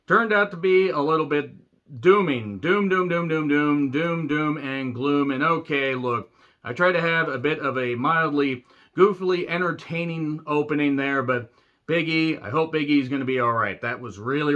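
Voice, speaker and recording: A man's voice: a little high, bright, forceful tone, dull audio. A man reviewing a wrestling show in a casual, rambling, jokey way, swearing freely and drifting off on tangents.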